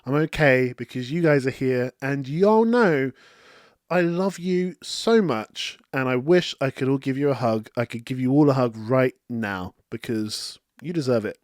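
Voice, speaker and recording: A man hosting a casual movie review show, animated and quoting characters in a raised voice, with hay fever that keeps him coughing. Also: mid-range voice, a little slow, dry recording, studio quality. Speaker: film review host.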